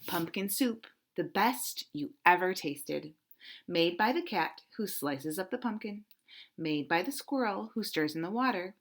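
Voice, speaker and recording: Lively woman reading a picture book aloud. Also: fairly low pitch, a little slow. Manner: animated and interactive, pointing at pictures.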